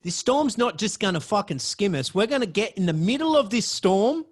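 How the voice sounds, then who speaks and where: A man's voice: sits high, very animated, moderate pace. A man, a podcast host telling a personal story in a dramatic way and swearing freely.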